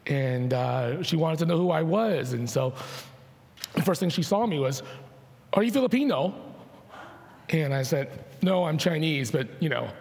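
A man, a pastor giving a sermon and prayer, his voice partly lost to allergies, talking in a halting way with many fillers and restarts. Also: fairly high pitch, vocal fry, darkish tone. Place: church sanctuary. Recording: long hall reverb.

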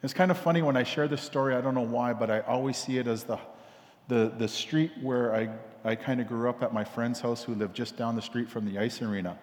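A man's voice: mid-range voice, steady tone, a little fast. Rambling man in an echoing hall. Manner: repetitive, casual, many fillers. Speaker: speaker telling a parable. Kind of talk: rambling storytelling sermon. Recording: long hall reverb.

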